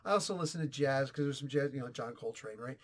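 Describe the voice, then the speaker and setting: A man in his forties giving a casual, opinionated comic book review, animated and sarcastic. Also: mid-range voice, quick pace. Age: 40s. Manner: animated, ranting, sarcastic asides.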